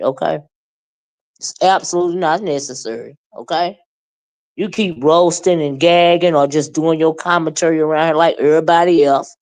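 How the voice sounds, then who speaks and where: Low-pitched and darkish in tone, a woman in her fifties gives a casual monologue into the camera, addressing a fellow creator. Plain-spoken and folksy with a Southern flavor, she keeps saying "you know what I mean" and "child." Her voice sounds older than her age, and she calls herself a surly old bird.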